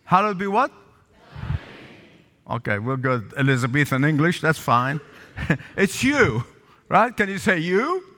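A man's voice: a little high, very animated, a little slow, pauses often, bright, forceful tone, big-room sound. A male pastor preaching a sermon, calling for responses from the congregation and repeating lines for emphasis. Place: church sanctuary with balcony.

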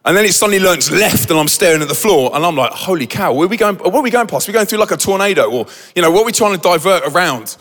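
A high-pitched man tells a dramatic story on stage, lively and acting out every voice in the scene. His voice rings through a big hall with a long reverb. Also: quick pace, few pauses. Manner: animated, acts out the scene with quoted voices. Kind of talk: dramatic storytelling to a live audience.

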